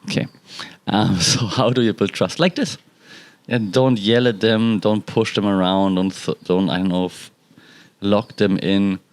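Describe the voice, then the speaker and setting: A man's voice: on the low side, unhurried, clean tone, no echo. A man hosting a casual solo podcast from his balcony, rambling and stopping to talk to his cats. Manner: relaxed, rambling, talks to his cats mid-sentence. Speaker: podcast host and cat owner. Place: balcony at home.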